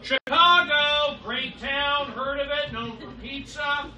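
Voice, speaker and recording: A man doing a live stand-up set, riffing with the crowd and swinging between loud and soft. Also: very high voice, fairly even intonation, takes it slowly. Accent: Californian. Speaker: stand-up comedian. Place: comedy club stage. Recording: roomy, distant live club recording. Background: loud crowd laughter and noise.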